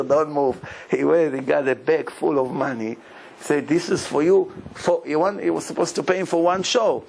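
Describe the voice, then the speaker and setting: A rabbi preaches and tells stories, acting out each person in them and laughing as he goes. His voice is gravelly and sits a little high for a man. Faint noise hums behind him. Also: moderate pace, poor audio. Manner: animated storyteller, acts out the people in his stories, laughs often. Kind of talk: sermon storytelling.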